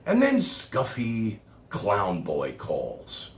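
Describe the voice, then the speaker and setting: A Brooklyn man with a thick New York accent holds forth on his livestream, his lowish voice leaping up into loud bursts and dropping to mutters. He curses freely and rambles. The room rings with echo, with a faint hiss of noise behind him. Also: huge pitch swings, very slow. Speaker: live streamer. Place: home room, seated in chair.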